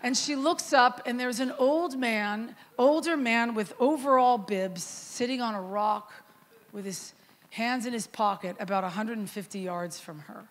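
A middle-aged woman, a guest worship leader, preaching in a relaxed storytelling way and acting out dialogue in a softer, lower voice. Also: a little slow, big-room sound. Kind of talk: storytelling sermon.

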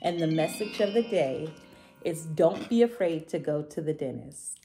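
A woman reading a children's storybook aloud, slow and expressive. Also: low voice, faint music behind. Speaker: children's book reader.

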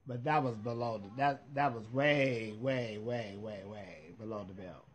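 A man hosting a casual chat, swearing freely, excitable and loud when reacting to gossip. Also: on the low side, unhurried, slight background noise. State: high, burping. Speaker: host.

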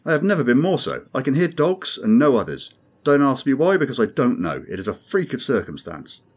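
A man's voice: mid-range voice, huge pitch swings, a little fast, husky, voice pushed up. A man voicing a grim, sardonic male alien crewman who speaks dryly and insistently. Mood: troubled. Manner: dry, insistent, ominous.

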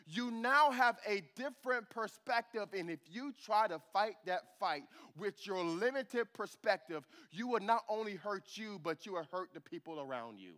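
Pastor, male, higher register, animated sermon delivery, works the congregation. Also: moderate pace, few pauses. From United States. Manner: animated preaching, calls to the congregation for amens. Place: church sanctuary.

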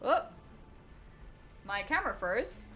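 Animated Australian woman gaming streamer. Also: medium pitch, slow pace, soft background music. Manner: dramatic, exasperated, swears a lot. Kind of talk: let's-play commentary.

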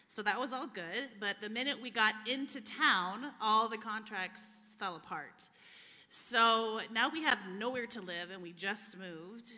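An American woman, visiting as a guest speaker, recounts her personal testimony in a church hall where the service is live-streamed. Her medium-pitched voice sounds pushed and bright, she fills her speech with frequent fillers, and she is open and emotional. The room is echoey.

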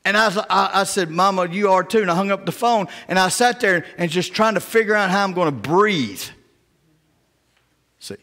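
A male pastor preaching a sermon, telling personal stories in a folksy, down-home way and often dropping to a hushed voice. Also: sits high, lively intonation, normal speed. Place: church sanctuary. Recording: church sanctuary with long reverb.

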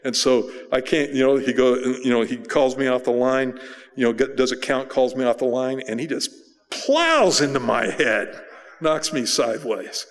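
A male pastor preaching, telling a personal story in a relaxed, conversational way with fillers and restarts. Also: medium pitch, moderate pace. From United States. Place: church sanctuary. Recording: church sanctuary reverb.

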